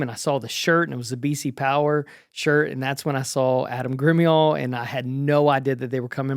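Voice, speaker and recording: A man in his forties talks through his race in a chatty, self-deprecating way, full of ums and quick restarts. His voice sits at an ordinary pitch. The recording is close and dry, with no room sound. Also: no room sound. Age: 40s. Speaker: vlogger recapping his race. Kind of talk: casual spoken recap.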